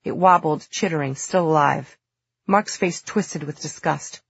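A woman narrating an audiobook in a steady, measured storytelling manner. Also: low voice, gravelly, husky, no echo, lo-fi sound.

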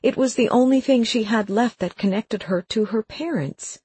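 A woman's voice: fairly high pitch, moderate pace, darkish tone, slightly rough, dry recording, voice pushed up. A narrator voicing a distressed, defensive woman who pleads with a shaky voice, in an audiobook. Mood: upset pleading. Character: distressed middle-aged woman protecting her niece. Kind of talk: audiobook character voice.

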